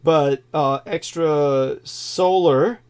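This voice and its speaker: On a livestream, a co-host from California speaks extremely slowly in a slightly mellow voice that sits on the high side. He lectures with insistence and talks over anyone who interrupts, and there's a little hiss or hum on the recording.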